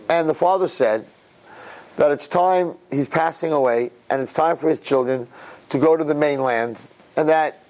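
A man giving an inspirational religious talk on a recorded message. He tells a parable with lively swings between hushed and excited delivery. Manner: animated storyteller, swings between low and excited. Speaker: Jewish religious speaker. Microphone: recorded tape message.

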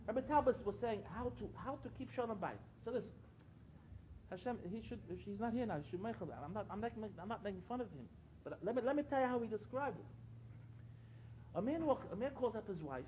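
A man's voice: high-pitched, expressive, fast, slight background noise. A man giving a sermon-style talk at a religious gathering, telling stories and repeating phrases for emphasis. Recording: dull lo-fi recording.

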